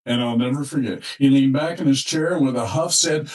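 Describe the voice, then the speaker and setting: Measured, unhurried male counselor, distant mic. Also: mid-range voice, darkish tone. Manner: slow, measured, with thoughtful pauses. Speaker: relationship counselor. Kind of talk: reflective spoken monologue.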